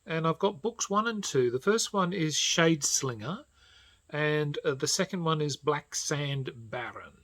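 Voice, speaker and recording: A man casually recommending audiobooks as a channel host, rambling with many fillers and often trailing off to a quiet, half-whispered voice. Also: fairly high pitch, lively intonation, a little slow.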